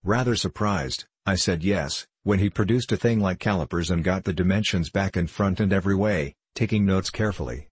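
A man reading a novel aloud as an audiobook narrator, in a measured and steady way. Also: low-pitched, breathy edge. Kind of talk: scripted storybook narration.

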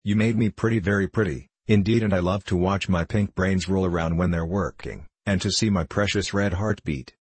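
A man's voice: low voice, normal speed, hardly any pauses, breathy edge, no room sound. A man reading the part of a vain, sarcastic female glass cat in a storybook, haughty and scornful.

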